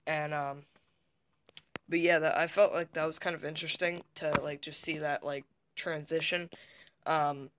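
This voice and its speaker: A young man vlogging casually to camera from a small dark room, rambling with many fillers and restarts. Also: on the high side, flat delivery, normal speed, background noise. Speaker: YouTuber. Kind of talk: casual behind-the-scenes vlog. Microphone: camera mic.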